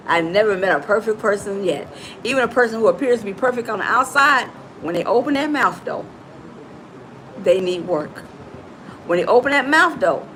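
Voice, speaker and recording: A woman's voice: mid-range voice, fairly bright tone, a little hiss or hum, low-quality recording. A middle-aged woman hosting a live motivational talk, emphatic and preachy, calling her listeners "baby". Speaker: motivational coach and host.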